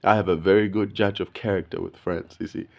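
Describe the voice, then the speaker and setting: Aussie guy in his 30s, kinda low voice, rambling story full of slang and "bro". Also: fairly quick, gravelly, dull audio. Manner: slangy, animated, says "bro" constantly. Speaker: video podcast host. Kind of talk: casual storytelling rant.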